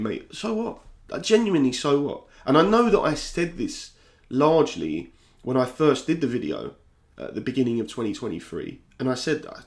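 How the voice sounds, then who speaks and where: A man's voice: mid-range voice, a little mellow. A young man from South London with a South London accent, speaking candidly to camera in a reflective vlog, often stopping to restart his sentences. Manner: candid, restless, repeats himself and restarts. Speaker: YouTuber. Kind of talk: reflective talking-head vlog.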